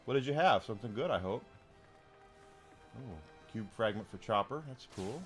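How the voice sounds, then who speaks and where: A man's voice: lowish voice, lively intonation, normal speed, faint music behind. A man streaming a video game, chatting casually with viewers and commenting on what he finds. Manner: chatty, talks to chat readers between game remarks.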